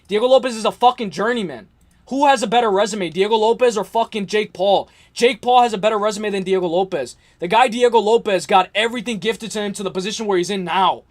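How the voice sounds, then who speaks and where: High-voiced young man ranting on a livestream. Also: a little fast. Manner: ranting, repetitive, profane, yelling at times. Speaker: livestream host. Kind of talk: heated livestream rant.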